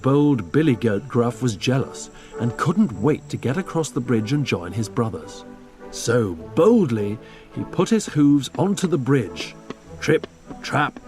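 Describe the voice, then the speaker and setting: A man reading a fairy tale aloud as storybook narration, slow and expressive. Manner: slow and expressive, lively pitch.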